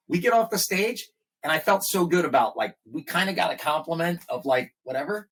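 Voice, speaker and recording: Brisk and a little high, with a breathy edge, a middle-aged man shares casual stories as a guest musician on a podcast. He performs the people he quotes animatedly, lifting his voice when he does.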